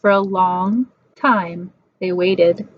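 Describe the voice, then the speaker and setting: A woman reading a picture book aloud in a gentle, measured storytelling manner. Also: fairly low pitch, fairly even intonation, highs cut off.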